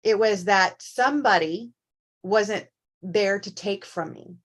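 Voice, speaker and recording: Woman, co-host, casual chat, animated storyteller, candid. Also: medium pitch, takes it slowly. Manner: animated storyteller, acts out quoted voices.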